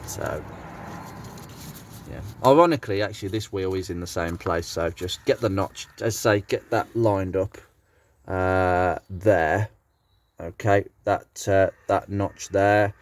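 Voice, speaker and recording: Male DIY car vlogger, Brummie accent, chatty and rambling, lower voice. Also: fairly even intonation, slow pace. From West Midlands, England. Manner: rambling, chatty, many fillers and restarts. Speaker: car restoration YouTuber. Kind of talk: casual workshop commentary.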